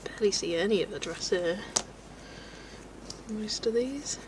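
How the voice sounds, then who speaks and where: A woman in her twenties with a West Country accent from England chats casually while colouring on a live stream, thinking aloud and laughing often. Her voice is mid-range and measured in pace, with noise in the background.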